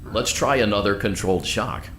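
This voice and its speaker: A man's voice: fairly low pitch, background noise, lightly acted. A man voicing a polite robotic assistant. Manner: polite, measured customer-service delivery. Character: polite male robotic handheld assistant, calm and chipper.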